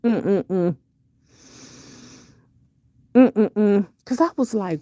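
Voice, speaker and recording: A middle-aged woman holds forth in casual live-stream commentary, answering her chat in an unhurried, dark, gravelly voice. She is blunt and profane, full of rhetorical questions, and her pitch leaps up sharply whenever she exclaims. The sound is dry and close. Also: lively intonation, dry recording. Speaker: vlogger reading live chat.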